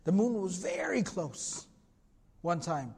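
A man teaching a religious history lesson, retelling it as an animated story in casual speech and reciting Arabic passages before translating them. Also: high voice, slow, gravelly, husky, big-room sound. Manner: animated storytelling, acts out dialogue, casual slang.

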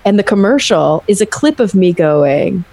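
Young woman podcaster, casual chat, lively storyteller who acts out quotes. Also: mid-range voice, fairly quick, dry recording. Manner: animated storyteller acting out quotes. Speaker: podcast host.

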